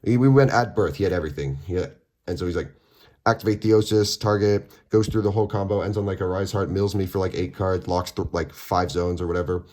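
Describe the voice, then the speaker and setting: A man's voice: low voice, fairly even intonation, a little fast, darkish tone. A young man casually retelling a tournament, full of fillers, acting out both sides of each exchange. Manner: rambling, filler-heavy, acts out both sides of conversations. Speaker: card game player recapping a tournament. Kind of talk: casual storytelling vlog.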